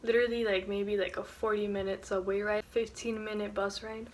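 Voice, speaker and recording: A woman's voice: medium pitch, fairly quick. A young woman vlogging from her dorm room at night, telling a story casually with lots of filler words. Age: young adult. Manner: chatty, lots of "like" fillers, animated retelling. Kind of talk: casual story time vlog.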